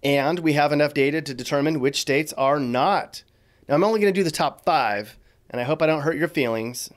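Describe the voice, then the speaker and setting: A man's voice: a little high, brisk. A man hosting a YouTube video, narrating from a script with playful, teasing asides. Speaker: YouTube host.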